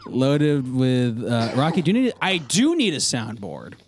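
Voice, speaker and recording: A man's voice: medium pitch, very animated, unhurried, slight background noise. A man hosting a casual podcast chat, rambling with frequent laughs and restarts. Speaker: podcast host.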